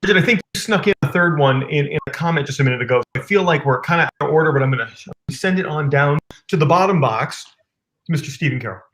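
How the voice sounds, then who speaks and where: An enthusiastic man hosts a business chat over a video call. His voice sits a little high, and he talks in quick bursts, often repeating words as he builds up steam. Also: animated, a bit bright. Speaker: host of a live business stream. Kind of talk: casual chat.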